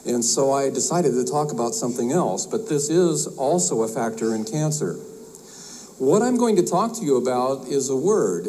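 Folksy, halting man giving a conference talk. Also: medium pitch, mellow, rough recording. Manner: folksy, halting, many uh fillers and restarts; tells a joke with acted voices. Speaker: herbalist speaker at a health conference.

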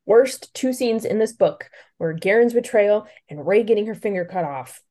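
A woman's voice: medium pitch, expressive, moderate pace, warm tone. A woman co-hosting a book podcast, chatting casually and venting with emphasis. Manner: emphatic, vents frustration. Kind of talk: casual chat.

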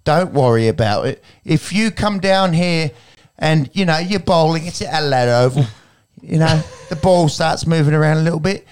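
A man putting on a high falsetto woman's voice, coaxing like a mother to a shy teen. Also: lively intonation, moderate pace, smooth, lightly acted. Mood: soothing. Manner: mock-soothing, high falsetto put-on voice.

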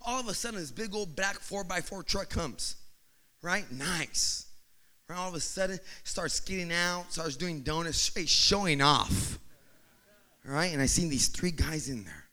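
A man telling a humorous personal story to an audience, acting out the scenes and building up to shouts. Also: on the high side, a little slow. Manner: animated, acts out scenes, rising to shouts.

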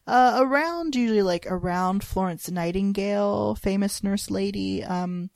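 A woman's voice: mid-range voice, unhurried, creaky, darkish tone, dry recording. A woman who works as a hospital chaplain resident, chatting casually on a podcast, rambling with many fillers and laughs. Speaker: podcast co-host. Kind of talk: casual chat.

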